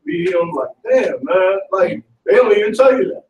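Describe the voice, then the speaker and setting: A man's voice: sits high, expressive, a little fast, darkish tone, echoey room, distant mic, muffled recording. Rambling man searching for words. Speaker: student. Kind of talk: casual class discussion.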